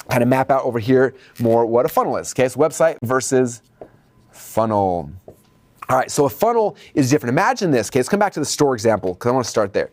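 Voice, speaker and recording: Fast-talking man teaching at a whiteboard. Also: medium pitch, no echo. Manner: animated storytelling, acts out customers in raised voices. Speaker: marketing trainer.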